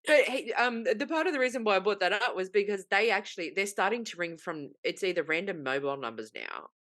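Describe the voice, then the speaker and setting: A woman's voice: medium pitch, quick pace, no room sound, studio quality. A woman co-hosting a casual podcast chat, telling stories with lots of swearing and acting out the other people's lines. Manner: animated storytelling, acts out quoted voices, swears freely. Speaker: podcast co-host.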